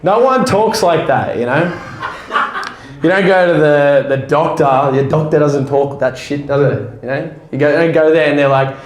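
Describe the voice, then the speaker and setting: A man's voice: fairly high pitch, moderate pace, roomy sound. A man with an Australian accent doing a casual, sweary, self-deprecating stand-up comedy set in a small room at a fringe show.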